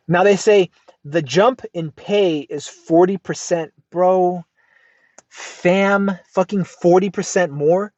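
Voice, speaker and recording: An American man hosting a casual advice podcast, reacting to a post in an emphatic, lively way and swearing freely. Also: high voice, slow pace, no echo. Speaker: podcast host. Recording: dull lo-fi dry sound.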